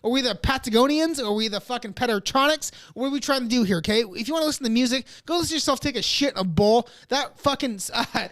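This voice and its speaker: A man's voice: very high voice, fast, hardly any pauses, a bit bright. Profane ranting podcast host man. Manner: profane, mock-aggressive ranting. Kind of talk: crude comedic rant.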